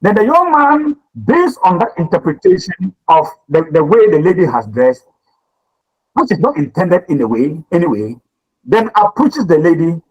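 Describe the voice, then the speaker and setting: A man's voice: on the high side, sing-song, normal speed, breathy edge, highs cut off. A man teaching a communication class, lecturing and questioning students, often repeating his words.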